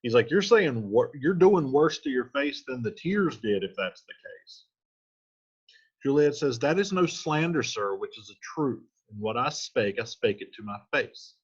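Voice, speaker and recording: A man's voice: mid-range voice, expressive, a little slow, breathy edge, muffled recording. A man reading lines from a play aloud and then restating each one in casual, slangy modern speech as a teacher. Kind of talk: casual line-by-line play explanation.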